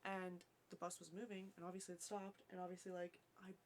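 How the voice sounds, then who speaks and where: A woman's voice: fairly low pitch, fairly quick. Young woman on a friends podcast, cussing, rambly with lots of likes, bit of hum behind. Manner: swears a lot, animated storytelling with many "like"s. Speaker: podcast co-host. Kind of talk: casual chat.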